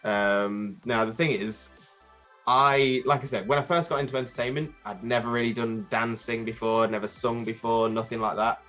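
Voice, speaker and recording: A man, a podcast guest telling a rambling, animated story with many restarts. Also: medium pitch, moderate pace, soft background music. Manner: animated, acts out crowd voices. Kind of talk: casual storytelling.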